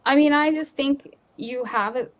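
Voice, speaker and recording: A woman's voice: sits high, measured pace. A woman co-hosting a casual live-stream chat, talking in a matter-of-fact, persuading way. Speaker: co-host.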